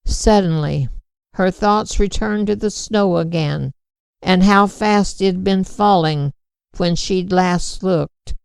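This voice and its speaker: A woman narrating a storybook chapter in a measured, unhurried way. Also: on the low side, creaky, darkish tone, clear, resonant tone, no room sound. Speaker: audiobook reader.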